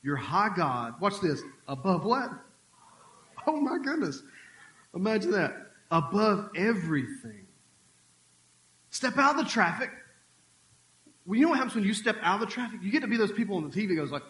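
A man preaching a sermon as a pastor, talking in a conversational, animated way with quick asides. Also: high-pitched, reverberant, rough recording. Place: church sanctuary.

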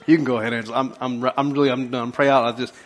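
A man's voice: mid-range voice, rapid-fire, background noise. A man preaching a casual, storytelling sermon, joking and talking straight to the congregation. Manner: folksy, joking, animated asides to the congregation. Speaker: pastor. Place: church sanctuary.

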